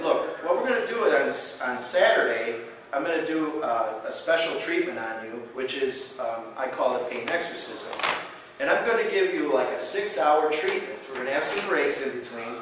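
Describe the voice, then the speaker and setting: Animated male lecturer in an echoey hall. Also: normal speed, recorded from a distance, background noise. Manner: animated storyteller, acts out quotes with big pitch jumps. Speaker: chiropractor giving a conference lecture. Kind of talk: storytelling lecture. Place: conference hall.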